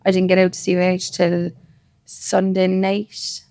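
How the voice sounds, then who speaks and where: A woman with a Cork Irish accent talks as a podcast guest, her voice carrying a gravelly, creaky texture. She tells her story in loose, rambling, emphatic casual chat. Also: lowish voice, monotone, measured pace, a little mellow. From Cork, Ireland.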